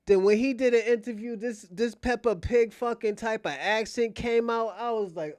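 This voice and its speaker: A man's voice: high voice, normal speed, few pauses, no room sound, clean studio sound. A man hosting casual commentary, talking bluntly with profanity. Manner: blunt, profane, animated storytelling. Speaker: host.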